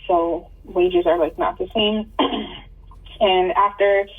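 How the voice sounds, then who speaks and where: A woman's voice: lowish voice, fairly even intonation, slow, husky. A woman calling in for advice, telling her story casually with fillers and restarts. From New York. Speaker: caller seeking advice. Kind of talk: casual phone conversation. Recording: tinny phone line, distant.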